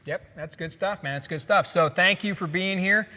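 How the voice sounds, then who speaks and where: A man's voice: high voice, moderate pace, bright, forceful tone. A man hosting a casual podcast, joking and laughing often as he reads memes aloud. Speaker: podcast host. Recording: long hall reverb.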